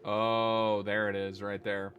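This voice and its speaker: A man with a fairly low voice chats loosely to himself while he plays a game, and lets out curses when he gets annoyed. It is a home streaming setup with clear background noise under his voice. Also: completely flat delivery, takes it slowly, a bit bright. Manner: thinks aloud, swears when annoyed. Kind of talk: casual gameplay commentary.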